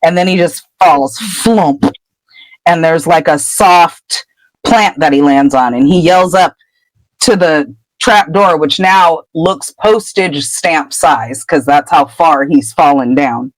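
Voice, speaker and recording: A woman podcast co-host casually retelling a book chapter, an animated storyteller who laughs often. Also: deep voice, slow, no room sound, poor audio.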